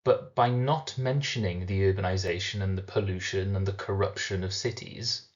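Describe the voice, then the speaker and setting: A man teaching a recorded literature lesson, explaining step by step and slowing down to sound out syllables. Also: low-pitched, fairly even intonation, highs cut off.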